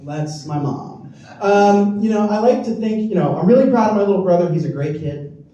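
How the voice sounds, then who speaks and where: A man's voice: high voice, expressive, moderate pace, muffled recording, background noise. A young man doing a rambling, self-deprecating stand-up set on a comedy club stage. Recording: roomy, distant club recording. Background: audience laughter.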